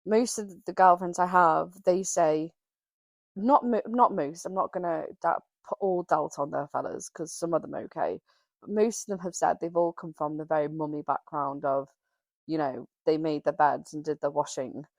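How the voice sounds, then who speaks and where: A woman's voice: low-pitched, moderate pace, no echo. A woman co-hosting a podcast, chatting casually and rambling through her opinions with restarts. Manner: rambling, self-correcting opinions. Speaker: podcast co-host. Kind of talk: casual chat.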